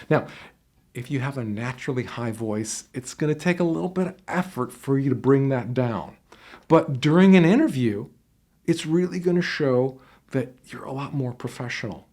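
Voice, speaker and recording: A man's voice: mid-range voice, a little mellow. A man giving casual, conversational advice on job interviews and sometimes demonstrating how voices change as he explains. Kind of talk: instructional talk to camera. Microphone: headset microphone.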